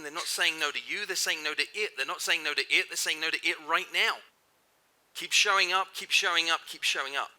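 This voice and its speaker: A man's voice: sits high, bright, forceful tone. A middle-aged man giving a motivational keynote to a live audience, emphatic and repetitive, firing questions at the crowd. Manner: emphatic, repeats phrases for effect, asks the audience questions. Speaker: keynote speaker. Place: large hall before a live audience.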